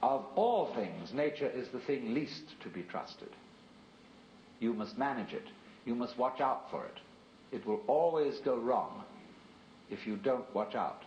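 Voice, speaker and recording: A man delivers a philosophical lecture in a measured, reflective voice, often turning to the listener with rhetorical asides. The archival tape sounds roomy and dull. A faint hiss runs underneath. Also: mid-range voice, expressive, darkish tone.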